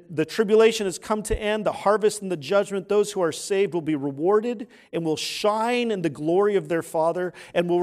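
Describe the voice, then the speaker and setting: A man with a high-pitched voice, a pastor, gives a sermon in a talking-with-you manner. He puts questions to the congregation, and for the weighty moments his voice sinks to a hush.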